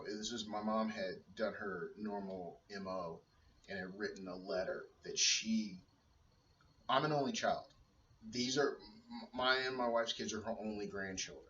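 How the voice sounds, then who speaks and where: A man's voice: deep voice, pushed and bright, a little hiss or hum. Earnest rambling man, roomy and distant. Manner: earnest, rambling, many restarts and fillers. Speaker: personal trainer and stay-at-home dad. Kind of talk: personal video blog, talking to camera. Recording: roomy, dull sound from a distance.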